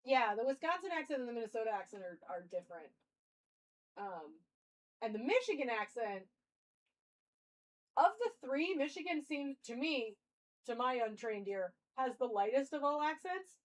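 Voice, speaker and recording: A woman's voice: a little high, animated, moderate pace, pauses often, rough recording. A young woman streamer musing aloud in casual live-stream chat.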